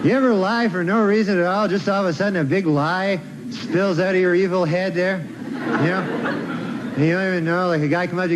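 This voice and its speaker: A man doing a stand-up routine on a comedy club stage, with a drawling deadpan delivery and many "you know?" asides. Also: high-pitched, a little fast. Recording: live club recording with loud crowd and noise.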